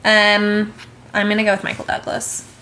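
A young woman co-hosting a casual podcast, breezy, reading a list of names with quick asides. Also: medium pitch, completely flat delivery, pushed and bright, a little hiss or hum. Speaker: podcast co-host.

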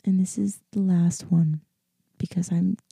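Upbeat, gravelly-voiced young woman podcaster. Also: fairly low pitch, steady tone, measured pace, dark tone, no room sound. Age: 20s. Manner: rambling, upbeat, laughs often, many fillers. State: sleepy. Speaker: podcast host. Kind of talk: casual solo podcast monologue.

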